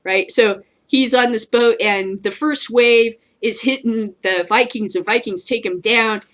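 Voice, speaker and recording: Slow, blunt, profane woman host. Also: fairly high pitch, a bit bright. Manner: blunt, profane, with frequent laughter. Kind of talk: casual ranting commentary.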